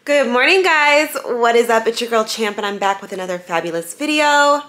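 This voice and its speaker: Bubbly woman vlogger, higher voice. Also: expressive, over music. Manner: chatty, upbeat, quick asides. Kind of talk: casual vlog chat. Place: home, then car and store.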